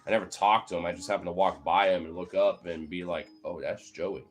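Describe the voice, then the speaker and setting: A man's voice: sits low, steady tone, fast, faint music behind. Heated, foul-mouthed man ranting. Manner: heated, profane and rambling. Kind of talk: casual political rant.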